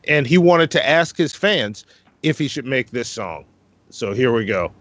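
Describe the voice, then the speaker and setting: A man's voice: medium pitch, measured pace, no echo. Guy hosting a podcast, casual and sweary, kinda fumbling, dry close sound. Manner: loose, profane, fumbling with playback. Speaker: podcast host.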